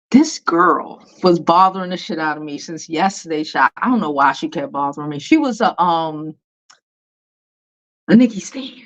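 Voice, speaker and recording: A woman's voice: mid-range voice, a bit bright, highs cut off. A young woman, hosting a casual celebrity commentary vlog in a blunt, profane, dismissive way with many fillers. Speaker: beauty and celebrity news host.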